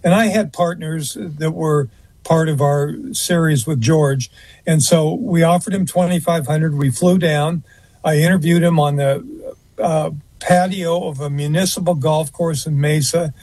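A man's voice: on the high side, steady tone, darkish tone, slightly rough, dry recording. A man telling a long story as an interview guest, rambling a little with frequent fillers and restarts. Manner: rambling, fills pauses with uh and um, restarts. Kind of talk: anecdotal storytelling in conversation.

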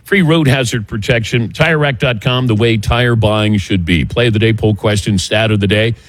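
A middle-aged man hosting a sports radio show outdoors, talking in a relaxed, chatty way and running through the show's rundown. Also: on the low side, normal speed, no echo. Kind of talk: casual morning show talk. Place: outdoors by a golf driving range.

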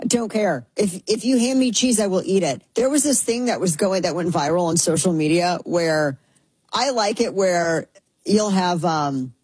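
Husky, sarcastic woman host. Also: fairly low pitch, expressive, moderate pace, a little mellow, dry recording, low-quality recording. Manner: sarcastic, chatty, breaks into mocking voices. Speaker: talk show host. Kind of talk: casual commentary.

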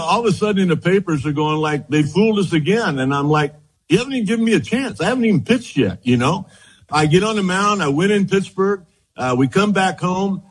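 An older man, a former ballplayer, recounting his career in an animated interview, acting out the dialogue he quotes. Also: fairly high pitch, slightly rough. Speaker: former pitcher, guest. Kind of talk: storytelling interview.

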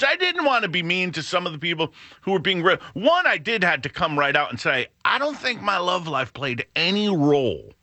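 A man's voice: a little high, sharp tone, dry recording. A middle-aged man hosting a show, talking in a rambling, wry monologue that keeps breaking off and restarting. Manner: rambling, self-interrupting, wry. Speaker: show host. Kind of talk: casual monologue.

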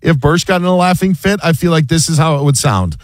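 A man's voice: a little high, expressive, quick pace, no echo. Joking male sports radio host. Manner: joking, talkative. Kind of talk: casual radio banter.

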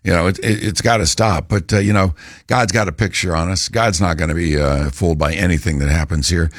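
A man's voice: low voice, brisk, dry recording, studio quality. A man hosting a talk radio show, questioning a guest conversationally with fillers. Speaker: radio host.

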